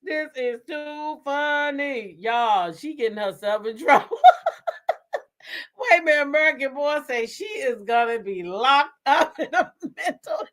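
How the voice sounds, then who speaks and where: A woman's voice: sits high, animated, normal speed, hardly any pauses, fairly bright tone. A woman hosting a gossip live stream, talking bluntly and profanely and laughing often. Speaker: host of a gossip show. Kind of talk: casual live-stream commentary.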